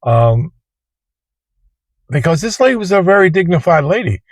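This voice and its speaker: A man's voice: a little high, very animated, normal speed, dry recording. Plain-spoken man telling a story from his car. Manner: plain-spoken, colloquial, rambling. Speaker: Uber driver and vlogger. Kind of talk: casual storytelling to camera. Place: inside a parked car.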